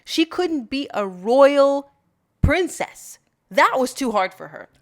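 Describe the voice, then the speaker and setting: A woman's voice: high voice, very animated, takes it slowly. A woman co-hosting a podcast, chatting casually and emphatically. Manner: emphatic, agreeing. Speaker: podcast co-host. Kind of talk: casual opinion chat.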